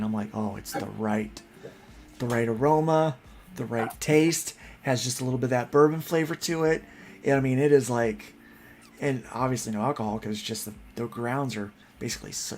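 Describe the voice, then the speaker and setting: A man hosting a casual chat, telling rambling, animated stories full of restarts. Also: medium pitch, a little fast, vocal fry, slight background noise. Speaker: podcast host.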